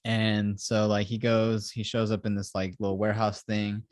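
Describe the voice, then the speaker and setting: A man's voice: lowish voice, completely flat delivery, moderate pace, dry recording, clean studio sound, faint music behind. A man co-hosting a casual review chat, rambling through scenes and acting out quotes with frequent laughs. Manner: rambling storyteller, acts out scenes with "he's like" quotes, laughs often. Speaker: podcast co-host.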